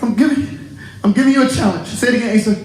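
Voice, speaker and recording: A male pastor preaching a sermon to his congregation, animated and laughing often as he talks. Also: very high-pitched, fast, roomy sound, a little hiss or hum, rough recording. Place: church sanctuary.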